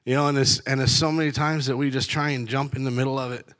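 A man's voice: mid-range voice, steady tone, fast talker, fairly bright tone. Blunt man telling faith stories. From Canada. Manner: blunt, storytelling, laughing between lines. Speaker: truck driver sharing faith. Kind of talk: casual faith testimony.

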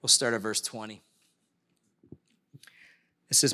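A man's voice: fairly high pitch, expressive, moderate pace, sharp tone. A middle-aged male pastor preaching a sermon in a loose, conversational way, slipping into quoted voices as he tells stories.

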